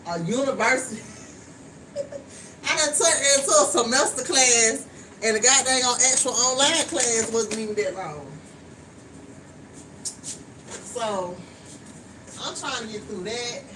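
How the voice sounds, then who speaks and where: Chatty woman cooking at home. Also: a little high. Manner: chatty, frank, talks straight to viewers, swears casually. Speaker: vlogger. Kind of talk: casual chat while cooking. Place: home kitchen. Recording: distant mic with steady background noise.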